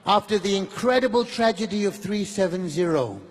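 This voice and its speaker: Malaysian guy doing stand-up, high voice, echoey hall sound, quick repeats. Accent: Malaysian English. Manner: animated, repeats words rapidly, mixes in Malay. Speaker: stand-up comedian. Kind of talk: stand-up comedy.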